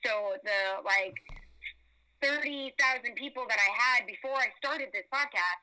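A young woman tells a story as a podcast guest in loose, casual talk. Her voice is very bright and crisp, sitting a touch high. She is animated and profane, and she plays out every line of dialogue she quotes. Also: measured pace, poor audio.

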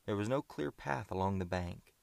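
A man reading an adventure story aloud in a steady, measured way. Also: on the low side, gravelly, dry recording. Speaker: audiobook narrator. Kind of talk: scripted audiobook narration.

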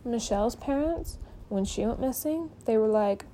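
A woman hosts her own podcast and talks through a case in a loose, conversational way, filling her sentences with "like" and "um." Her voice sits at a middle pitch with a warm, mellow tone. She slips into the voices of the people she quotes as she tells it. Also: normal speed, slight background noise, poor audio. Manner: chatty, peppered with "like" and "um". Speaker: podcast host. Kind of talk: casual true-crime storytelling.

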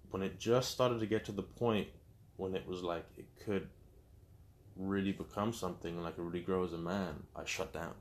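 A man's voice: low-pitched, fairly even intonation, normal speed. A young man speaking candidly as an interview guest, telling his story openly and acting out quotes with animation.

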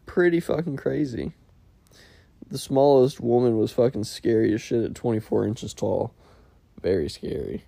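A man's voice: mid-range voice, moderate pace, gravelly, warm tone, no room sound. A man hosting a casual solo podcast, rambling and profane, and making fun of himself as he goes. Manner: rambling, profane, self-mocking. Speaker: podcast host.

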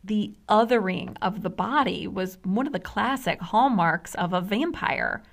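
A woman's voice: medium pitch, a little slow, vocal fry. A woman in her forties from the US hosting a scripted explainer podcast, wry and conversational with dry humor. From United States. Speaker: podcast host.

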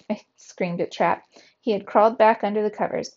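A woman reads a children's storybook aloud in a warm, mid-pitched voice, lifting her energy whenever the characters speak. The recording is a little dull and lo-fi. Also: fairly quick, creaky. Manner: lively, voices the dialogue with raised energy. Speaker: teacher reading aloud. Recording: slightly dull, lo-fi sound.

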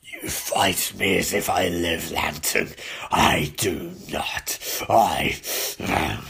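A man voicing a deep, menacing undead male villain from a comic, in a strained, gravelly low voice. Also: slow pace, a bit bright, full character voice.

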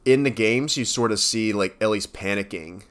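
Male podcast co-host, lowish voice, loose rambling delivery full of fillers and self-corrections. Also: normal speed, a bit bright. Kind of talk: casual chat.

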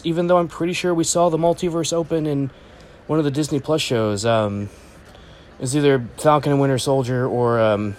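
A man hosting a comics channel, giving a casual, rambling reaction to a movie trailer with jokey asides and lots of ums. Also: fairly high pitch. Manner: rambling and excitable, jokey asides, many fillers.

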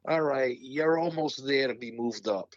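A man's voice: mid-range voice, moderate pace, dry recording, highs cut off. A man co-hosting a casual wrestling chat, laid-back and teasing. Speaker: podcast co-host.

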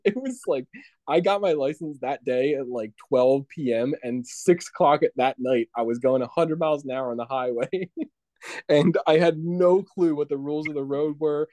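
A man's voice: on the high side, moderate pace, a little mellow, dry recording. Laughing young man telling a story, dry sound. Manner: rambling storyteller, laughing often. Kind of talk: casual chat.

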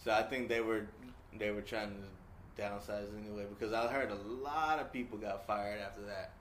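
A man's voice: on the low side, fairly even intonation, normal speed, a bit bright. A man chatting casually as a podcast guest, laid-back, swearing, and telling stories from work. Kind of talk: casual chat. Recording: echoey room with faint background noise.

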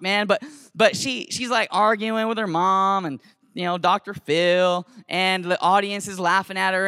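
A man who teaches, telling a story to an audience in an animated, slangy, conversational way with lots of restarts. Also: high voice, no echo, studio quality. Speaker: teacher and camp cabin leader.

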